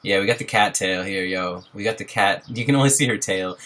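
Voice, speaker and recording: A man's voice: lowish voice, a little fast, fairly bright tone. A young man casually chatting on a live stream from home, bubbly, greeting viewers by name and laughing often, speaking into a laptop microphone. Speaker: livestreamer. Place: home, at a wobbly table.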